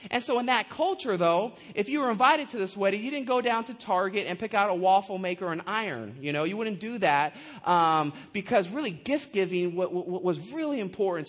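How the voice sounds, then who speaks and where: A man preaching a sermon, animated and conversational, with frequent asides and questions to the congregation. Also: high voice, brisk, few pauses. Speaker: pastor.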